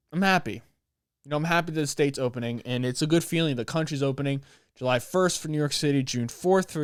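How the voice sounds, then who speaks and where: A young man, hosting his podcast and talking in a rambling, animated, slangy way. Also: medium pitch, clear, resonant tone, no room sound, clean studio sound. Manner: rambling, animated, slangy, with playful put-on voices. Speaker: podcast host. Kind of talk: casual solo podcast monologue.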